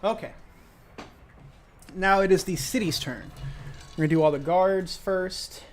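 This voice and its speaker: A man's voice: high-pitched, unhurried, a little hiss or hum. Young guy running a tabletop game, laid back, lots of ums and uhs. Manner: casual, hesitant with many fillers. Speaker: game master.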